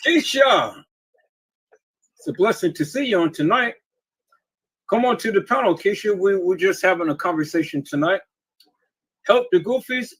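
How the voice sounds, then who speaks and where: Husky, high-voiced laughing man. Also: normal speed, pauses often, no echo, low-quality recording. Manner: laughs often and hard, rambling animated storytelling. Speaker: live-stream host. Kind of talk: casual chat on a live stream.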